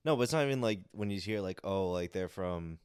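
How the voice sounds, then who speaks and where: A man's voice: sits low, lively intonation, brisk, darkish tone, clean tone, dry recording, studio quality. A man co-hosting a casual podcast chat, chiming in with jokes and laughing along. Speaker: podcast co-host.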